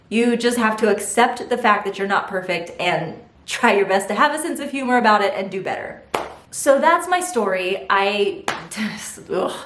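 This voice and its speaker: Laughing mom telling a story, roomy echo. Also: female voice, medium pitch. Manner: laughing, animated storytelling with voiced quotes. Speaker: vlogger. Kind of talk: casual story time to camera.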